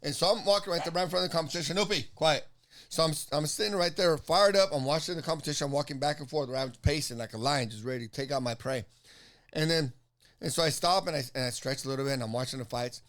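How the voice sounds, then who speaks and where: A man, telling a fight story in a casual, profane, animated way. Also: fairly high pitch, fast. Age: 50s. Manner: animated, profane, acts out both sides of an argument. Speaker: jiu-jitsu competitor telling a story.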